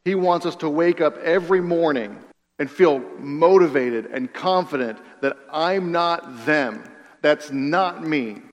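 A man's voice: fairly high pitch, a little slow. Man preaching in a reverberant hall. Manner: earnest, repeats phrases for emphasis, drops to a hush on key lines. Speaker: pastor. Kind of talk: sermon.

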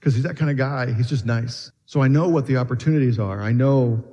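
In a church hall with long reverb, a pastor delivers an earnest sermon, asking questions and often starting phrases over. He speaks briskly in a mellow, mid-range voice.

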